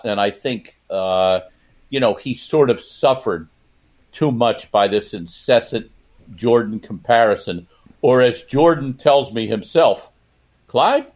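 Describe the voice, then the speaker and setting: A man's voice: fairly low pitch, a little mellow. Older man spinning anecdotes. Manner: anecdotal, laughs while telling stories. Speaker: podcast guest, sportswriter. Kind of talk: casual interview storytelling.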